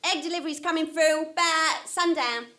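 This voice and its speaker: A woman voicing a shrill, snappy town secretary. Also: moderate pace, sharp tone.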